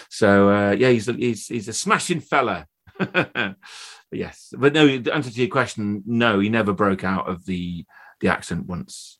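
Fifties man, English actor guest, low voice, chatty and laughing storyteller. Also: husky. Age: 50s. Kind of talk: casual podcast chat.

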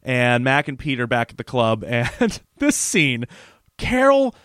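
A man's voice: medium pitch, huge pitch swings, unhurried, a bit bright, no room sound, clean studio sound. A man co-hosting a podcast, casually recapping a TV episode and laughing often. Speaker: podcast co-host.

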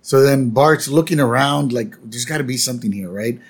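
A man's voice: mid-range voice, fairly quick, husky. Casual man retelling a cartoon plot. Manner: narrates plot step by step, fillers, acts out lines. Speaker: podcast co-host. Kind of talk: casual chat recapping an episode.

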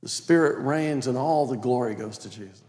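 A man preaching a sermon as pastor, reading scripture aloud and stressing key words, sometimes dropping to a quiet, prayerful tone. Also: medium pitch, moderate pace. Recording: long reverb of a large hall.

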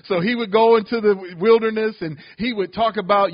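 A male pastor delivers a sermon in a high, husky voice, calling out to his congregation as he teaches. The recording sounds a little dull and lo-fi. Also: steady tone, normal speed. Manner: preaching with call-outs to the congregation.

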